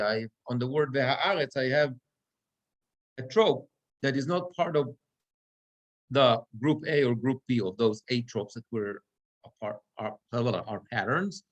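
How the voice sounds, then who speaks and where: A male cantor teaching a class how to read the Torah, explaining the marks and then chanting verses in drawn-out cantillation. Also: medium pitch, a bit bright. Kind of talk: class instruction with chanted examples. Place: synagogue classroom.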